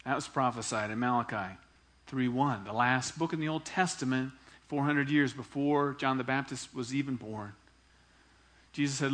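A man preaching a sermon as pastor, animated and acting out the dialogue he quotes. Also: medium pitch, normal speed.

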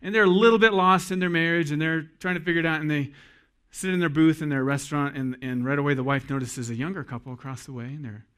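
A man's voice: a little high, steady tone, quick pace, a bit bright, smooth. A man preaching a sermon to husbands in a folksy, joking way that addresses the men directly. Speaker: pastor.

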